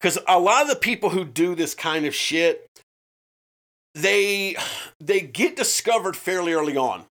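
A man's voice: sits high, lively intonation, measured pace, fairly bright tone. A man co-hosting a true-crime podcast in casual chat, swearing often and restarting his sentences. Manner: profane, with frequent restarts and fillers. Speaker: podcast co-host.

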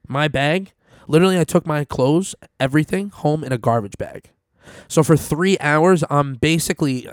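A man's voice: mid-range voice, no echo, studio quality. A man telling a story in casual chat, swearing a lot and acting out his lines. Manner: swears a lot, animated retelling. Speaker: storyteller guest.

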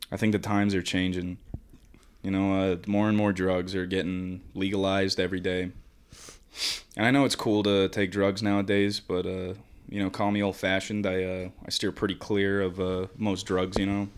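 A man's voice: sits low, smooth. A man workshopping a stand-up bit aloud, hesitant and full of fillers. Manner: hesitant, filler-heavy delivery. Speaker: comedian.

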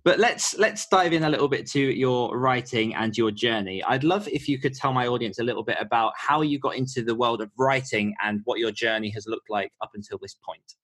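A man's voice: medium pitch, fairly bright tone, slightly rough. A man hosting a podcast interview in an upbeat, playful manner. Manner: upbeat, playful, quick to laugh. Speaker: podcast host.

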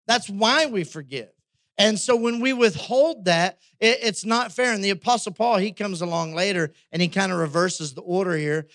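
High-voiced male pastor preaching. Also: moderate pace, a bit bright, no room sound, studio quality. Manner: conversational, frequent tag questions. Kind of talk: sermon.

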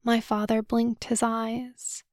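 A woman narrating a novel in the first person, with a measured, subdued, solemn reading. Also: on the high side, flat delivery, darkish tone, no room sound, studio quality. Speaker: audiobook narrator.

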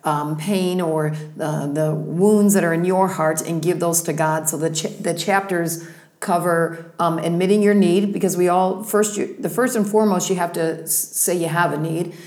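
A woman's voice: fairly low pitch, steady tone, moderate pace. A woman, a ministry leader, explaining her program step by step as a podcast guest. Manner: warm explanatory teaching, listing steps. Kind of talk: podcast conversation. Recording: roomy echo.

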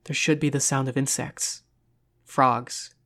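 Measured narrator reading a horror story. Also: mid-range voice, level tone, a bit bright. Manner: measured, suspenseful. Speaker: audiobook narrator.

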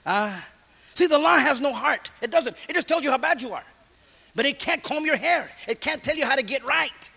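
A middle-aged man preaching a sermon and telling his own testimony in street slang, going from loud calls down to hushed asides. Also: very high voice, lively intonation, moderate pace, gravelly.

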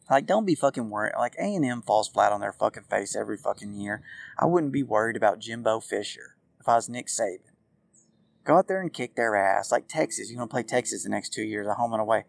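A man's voice: medium pitch, vocal fry, dry recording. A man ranting through a casual solo podcast, profane, rambling and exasperated. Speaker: podcast host.

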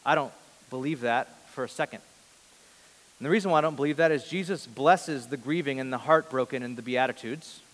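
A man in his thirties preaching a sermon before a large congregation, earnest, moving between loud emphasis and soft, hushed lines. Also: on the high side. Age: 30s. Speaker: pastor. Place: large church hall before a big congregation. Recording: long reverb of a large hall.

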